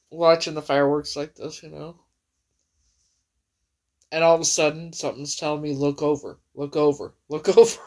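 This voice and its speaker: A woman crying as she tells a rambling, emotional personal story indoors at home, with halting restarts. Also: deep voice. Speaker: vlogger.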